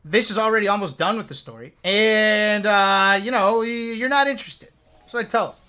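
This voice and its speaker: A man streaming to his chat, telling a story in a casual, animated way, swearing freely and checking in with "right?". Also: sits high, normal speed, smooth. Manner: animated, profane, talks to chat with lots of "right?".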